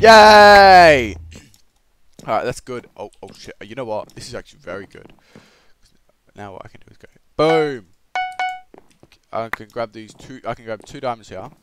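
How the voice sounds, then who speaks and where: An excitable Australian man giving gameplay commentary, swearing and swinging between shouted outbursts and low muttering. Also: vocal fry, very noisy. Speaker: gaming commentator.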